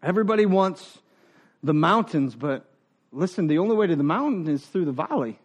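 A man preaching a sermon as pastor, animated and joking, acting out quoted voices and laughing with the congregation. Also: a little high, a little fast.

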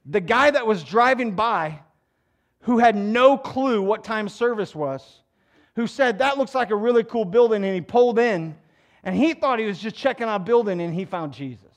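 A male pastor preaching a sermon in an animated, joking way, swinging from low asides to loud exhortation. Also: normal speed.

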